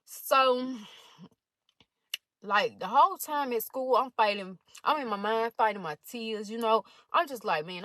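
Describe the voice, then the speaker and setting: A woman's voice: mid-range voice, dry recording. Young woman, college age, casual storytime vlog, blunt and cussing, dry close sound. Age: young adult. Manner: blunt, profane, animated retelling. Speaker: storytime vlogger. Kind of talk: casual storytime, reading out text messages.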